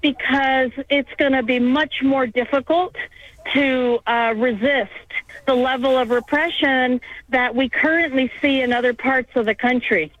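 High-pitched woman, out of breath, earnest and slow-spoken, over a dull, dry line. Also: fairly even intonation, no echo. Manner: earnest, emphatic. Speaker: activist guest. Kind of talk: phone-in interview while marching.

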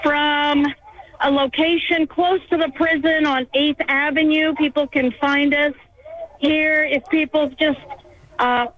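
A woman's voice: high voice, fairly even intonation, takes it slowly, narrow, tinny audio. A woman activist giving an earnest, emphatic interview while out of breath from marching. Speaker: activist guest.

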